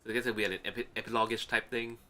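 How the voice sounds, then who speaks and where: Male podcast co-host, very bright tone, rambling casual delivery. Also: lowish voice, steady tone, rapid-fire. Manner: rambling, filler-heavy, many restarts. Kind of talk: casual chat.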